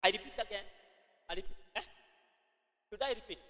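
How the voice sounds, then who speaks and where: High, bright-voiced Kenyan preacher in a hall. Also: male voice. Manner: repeats phrases slowly for note-taking, mixes in Swahili. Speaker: preacher teaching at a youth camp. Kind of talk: teaching sermon dictated as notes.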